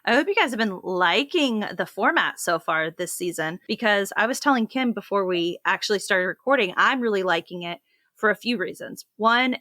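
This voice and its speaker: A woman co-hosting a casual podcast, chatty and quick to laugh. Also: mid-range voice, sharp tone, no echo. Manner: giggly, chatty, laughs often. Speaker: podcast co-host. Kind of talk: casual chat.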